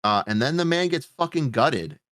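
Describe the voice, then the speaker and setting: A man hosts a podcast and reviews a horror movie in a casual, sarcastic, rambling style, swearing often. His mid-range voice is expressive and a bit bright, at normal speed, in a dry recording with clean studio sound.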